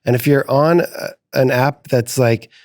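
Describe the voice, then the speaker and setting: Slow-talking middle-aged man, halting. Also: mid-range voice, a little mellow, no echo, studio quality. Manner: slow, halting, searching for words. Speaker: musician guest, the father. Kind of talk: reflective conversation.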